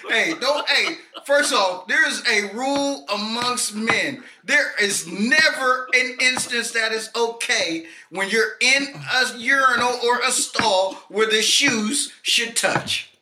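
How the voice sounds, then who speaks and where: A man in casual chat, excitable and exclaiming, repeating himself as he talks. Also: very high-pitched, slow, hardly any pauses. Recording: echoey room with noticeable noise.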